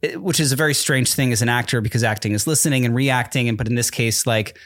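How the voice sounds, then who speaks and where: A man with an average-pitched voice rambles through a casual story. He leans on fillers and restarts his sentences often. The sound is dry and close to the mic. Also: fast, fairly bright tone, no room sound. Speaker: actor. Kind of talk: casual chat.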